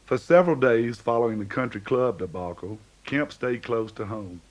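Male narrator, mid-pitched, audiobook reading with lightly shaded dialogue. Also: normal speed, low-quality recording. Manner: reads dialogue with small shifts for each character.

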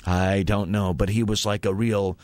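A man's voice: lowish voice, level tone, normal speed, darkish tone, dry recording. Guy on talk radio rambling through a story, lots of uhs, dry studio mic. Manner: rambling, with fillers and self-corrections. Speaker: radio talk show co-host. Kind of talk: casual on-air chat, storytelling.

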